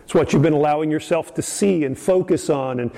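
High-voiced preacher in a reverberant hall. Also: male voice, fairly quick, mellow. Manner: rambling, repeats himself, chuckles between points. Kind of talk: sermon.

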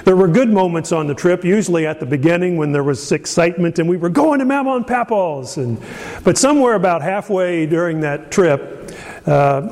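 A man's voice: fairly high pitch, a little mellow. Man preaching in a reverberant hall. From Indiana, USA. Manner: folksy storytelling with frequent fillers and restarts. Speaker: pastor. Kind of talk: sermon.

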